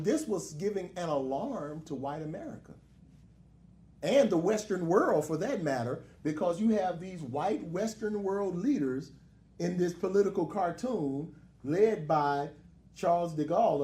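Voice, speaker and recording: A man's voice: sits high, animated, unhurried, mellow. A man, a minister, preaching a lecture-style sermon with joking asides and call-and-response. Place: hall with a live congregation. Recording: echoey hall.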